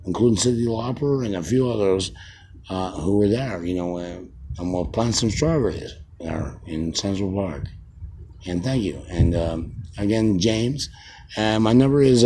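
A man in his fifties rambling as a self-styled radio host, halting with many fillers and restarts. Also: on the low side, darkish tone, a little hiss or hum. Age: 50s. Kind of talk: rambling mock radio broadcast.

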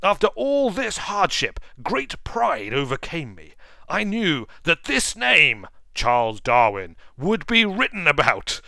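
A man's voice: on the high side, huge pitch swings, takes it slowly, creaky, bright, forceful tone, dry recording, exaggerated voice. A man voicing a proud Victorian naturalist explorer, reading the game's story text in a grand, storybook manner over faint game music. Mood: grandiose.

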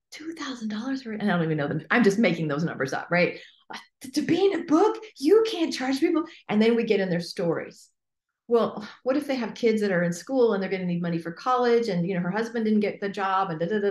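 A woman coach speaking as an interview guest, talking emphatically and in an animated way, often acting out imagined inner voices. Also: on the low side, fast, roomy sound.

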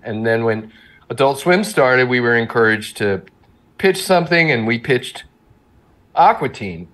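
A man's voice: medium pitch, fairly bright tone. A middle-aged man, a cartoon co-creator, chatting casually as an interview guest, rambling and self-deprecating with frequent laughs.

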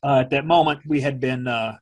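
A middle-aged man, a former television meteorologist, recalling events in a slow, measured way that turns emotional. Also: medium pitch, fairly even intonation, lo-fi sound. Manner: slow, measured, speaking from the diaphragm. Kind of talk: emotional personal recollection.

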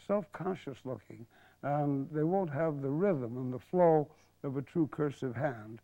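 A man's voice: fairly high pitch, dark tone, no echo. Older man teaching patiently on old TV. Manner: patient, explanatory, drops to a murmur while writing. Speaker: calligraphy teacher. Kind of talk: televised instructional lesson. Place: studio. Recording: dull 1970s broadcast TV audio.

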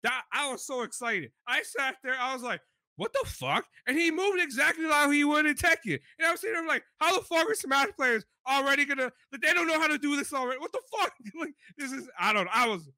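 A man co-hosting a podcast, talking in an animated, excited way, swearing often and dropping into deep mock voices when quoting others. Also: brisk, no echo. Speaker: podcast co-host. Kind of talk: excited casual chat.

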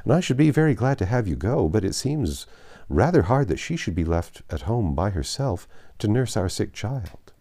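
A man's voice: on the low side, sing-song, normal speed, mellow. A man reading a classic novel aloud, voicing a kindly, agreeable husband who speaks politely and mildly. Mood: considerate.

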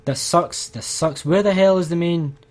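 A man's voice: fairly high pitch, moderate pace. A man commentating his gameplay, exasperated and ranting to his viewers. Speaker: let's play gamer.

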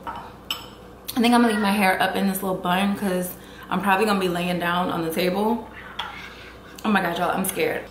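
A woman's voice: medium pitch, steady tone, normal speed, pauses often. A woman talking casually to her viewers in a vlog, chatty and nervous. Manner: chatty, talks to viewers as y'all. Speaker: vlogger. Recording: echoey room with faint noise.

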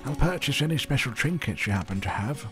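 A man voicing a half-blind old male antiques trader in a high, quavering voice. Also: animated, fast, music in the background, lightly acted. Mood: fussy.

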